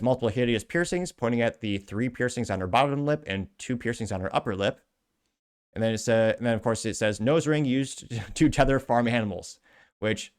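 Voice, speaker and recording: A man with a fairly low voice hosts a podcast and reads social media posts aloud. He keeps breaking off into sarcastic, rambling asides. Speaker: podcast host. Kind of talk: casual commentary reading social media posts.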